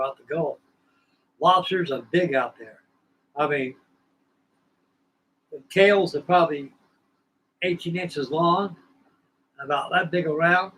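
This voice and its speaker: A man's voice: on the high side, fairly bright tone, rough recording. A man hosting a scale-model building livestream, telling rambling, folksy stories in casual chat from his home workshop bench.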